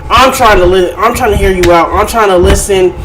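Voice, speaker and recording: A man's voice: high voice, a little fast, poor audio. A man hosting a reaction channel, talking in a casual, incredulous and mocking way, full of slang.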